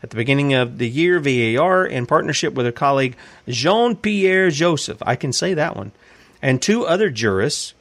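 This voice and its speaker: A man's voice: mid-range voice, expressive, normal speed, fairly bright tone. A man hosting a casual commentary show, reading news articles aloud and asking rambling questions about them. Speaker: host.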